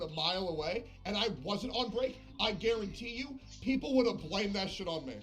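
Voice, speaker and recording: A man's voice: sits high, animated, fairly quick, over music. A man chatting on a live game stream, swearing often and slipping into passive-aggressive sarcasm. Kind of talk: casual live-stream chat.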